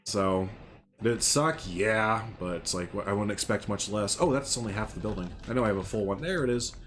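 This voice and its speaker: A man's voice: lowish voice, fairly quick, a bit bright, faint music behind. A man hosting a casual gaming livestream, chatting in a rambling, sarcastic, joking way. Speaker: livestream host.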